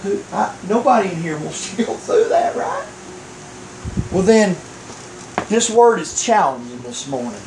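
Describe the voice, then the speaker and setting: A high-voiced man preaching in a church, his slow delivery ringing around an echoey room. He tells his story by acting out each voice and chuckles along the way. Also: huge pitch swings, noisy background. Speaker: pastor. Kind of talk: sermon.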